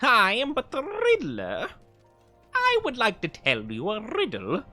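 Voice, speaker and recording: A smug riddling villain, as a man puts him on, stretching out each word with theatrical glee. High and bright, swooping broadly in pitch. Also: huge pitch swings, a little slow, soft background music, full character voice. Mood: gloating. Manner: theatrical, drawn out, gloating.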